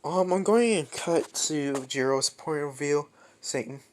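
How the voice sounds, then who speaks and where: A man's voice: on the high side, slow, a little hiss or hum. A young man improvising a fan story aloud, rambling with many restarts.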